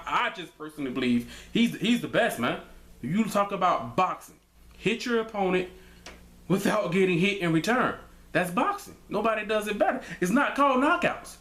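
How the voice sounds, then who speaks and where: A man giving his opinions in a casual vlog, loose and conversational, with lots of filler phrases, rising higher and more emphatic when he makes a point. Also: fairly bright tone. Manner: loose and conversational, many "man" and "you know what I mean" fillers. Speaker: vlogger giving fight commentary.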